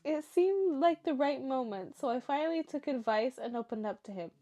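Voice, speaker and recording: A woman's voice: sits high, expressive, normal speed, warm tone. A young woman reading stories aloud for her show and breaking off into emotional, chatty reactions. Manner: emotional, chatty asides between read passages. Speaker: story reaction host.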